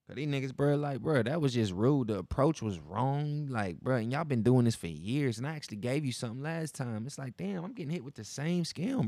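This solo podcast host speaks fairly quickly in a mid-range, slightly mellow voice with lively intonation. The studio recording has no echo, and his casual monologue is profane and slangy, with him reenacting dialogue from his stories.

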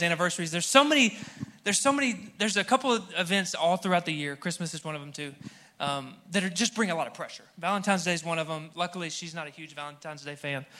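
A man's voice: a little high, bright, forceful tone. A young man preaching a sermon to a live congregation in a church, humorous and conversational, speaking straight to the crowd. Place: church hall with audience.

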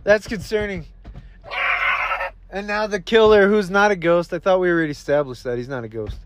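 A man hosting a goofy comedy podcast, excitable and full of slangy banter. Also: high-pitched, fast, background noise. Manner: excitable, says dude and bro a lot. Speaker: host.

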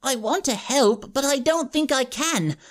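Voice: high-pitched, lively intonation, measured pace, pitched above the performer's own voice. A narrator voicing a timid, nervous boy teammate in an audiobook, anxious and hissing.

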